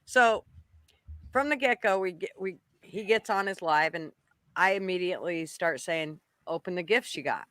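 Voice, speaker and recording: Woman, bright tone, dry close mic, laughing profane storyteller, casual live-stream chat. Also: fairly low pitch, expressive, moderate pace, no echo. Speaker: co-host.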